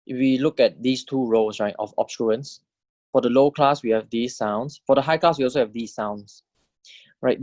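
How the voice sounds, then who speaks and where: A man's voice: mid-range voice, darkish tone, no echo, muffled recording. A man teaching a recorded language lecture, walking through a table step by step and often checking understanding with "right?".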